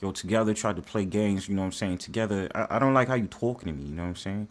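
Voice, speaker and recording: A man's voice: on the low side, racing. A man with a thick New York accent hosting a casual livestream, brash and slangy, laughing often. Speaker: livestream host.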